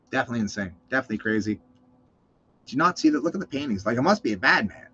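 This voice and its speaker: A man's voice: mid-range voice, quick pace. A man hosting his own show in a casual, profane monologue, ranting and swearing as he tells stories, cold and muffled on a slightly dull recording. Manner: ranting, swearing, animated storytelling. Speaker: show host.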